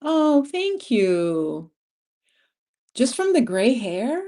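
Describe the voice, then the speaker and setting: A woman in her fifties hosts a casual livestream, reading viewer comments aloud while chatting and laughing often. Her voice is on the high side with drawn-out words, and she tells stories with animation.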